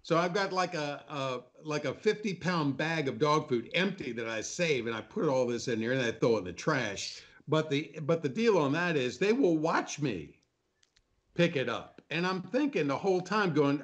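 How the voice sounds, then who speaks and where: Older man, storytelling, animated, fairly high voice. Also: moderate pace. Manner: animated anecdote teller, acts out quoted voices. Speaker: panel guest. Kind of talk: casual storytelling chat.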